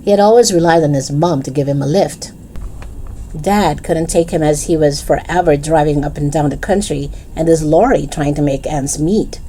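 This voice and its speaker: Low-voiced woman reading a children's book. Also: moderate pace, warm tone, slight background noise. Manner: playful asides to the reader. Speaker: storyteller.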